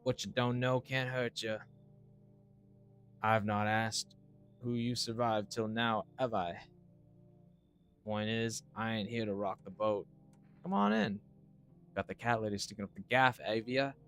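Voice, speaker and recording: A man voicing a cocky, menacing drifter in a game, using a put-on British accent and a sneering, loud delivery. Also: fairly low pitch, unhurried, long pauses, faint music behind.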